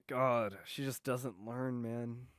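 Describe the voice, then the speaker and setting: A man's voice: medium pitch, fairly even intonation, takes it slowly, fairly bright tone, no echo, studio quality. A tired man chatting and swearing casually while live streaming late at night. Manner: profane, exasperated, rambling.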